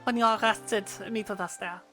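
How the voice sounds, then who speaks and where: A polished, courteous male scholar speaks with a clear German accent, put on by a woman reading game dialogue. He talks in formal, measured sentences with a bright, clear tone. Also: medium pitch, steady tone, faint music behind, close to an everyday voice.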